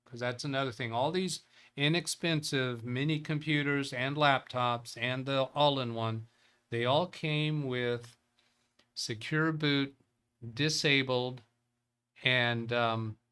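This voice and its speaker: A man with a bright, sharp-edged voice hosts a casual live tech show at an ordinary middle pitch. He reads out viewer chat and thinks aloud as he works, rambling and chuckling between points. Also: takes it slowly, clear, resonant tone. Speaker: tech livestream host.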